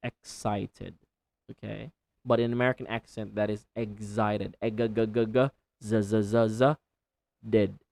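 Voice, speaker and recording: A woman teaching English pronunciation, repeating words slowly with exaggerated, deliberate enunciation. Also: a bass voice, steady tone, creaky, a little mellow. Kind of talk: pronunciation tutorial.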